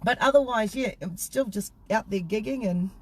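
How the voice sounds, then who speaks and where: A woman's voice: medium pitch, moderate pace, slightly rough. A woman from New Zealand with a New Zealand accent, a singer chatting casually as a guest and laughing often. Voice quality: laughs often, bubbly and warm-hearted. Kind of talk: casual interview chat.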